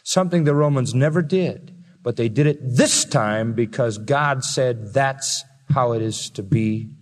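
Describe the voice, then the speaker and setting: A man preaching a sermon as pastor, emphatic, building to loud peaks and slowing down to stress key words. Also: mid-range voice. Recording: long reverb of a large hall.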